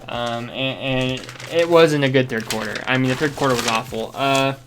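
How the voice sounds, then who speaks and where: A man's voice: mid-range voice, fairly even intonation, moderate pace, background noise. A man hosting a basketball fan show, giving a casual, rambling game recap that often corrects itself and sounds frustrated.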